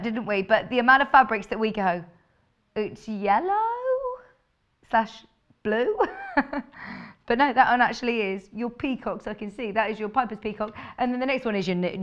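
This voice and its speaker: A woman with a low, husky voice, chatting in a bubbly way as she presents a live TV shopping show. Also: brisk, highs cut off. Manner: bubbly, chatty, laughs often. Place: TV studio.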